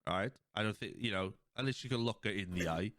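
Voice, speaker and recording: A young man hosting a casual podcast chat, rambling and animated as he retells scenes. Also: on the low side, quick pace, no echo, clean studio sound. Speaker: podcast host.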